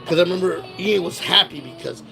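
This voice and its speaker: A man's voice: high voice, fairly quick, gravelly, music in the background, poor audio. A man chatting with a livestream host, telling loose, profane stories with laughter. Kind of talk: casual storytelling chat.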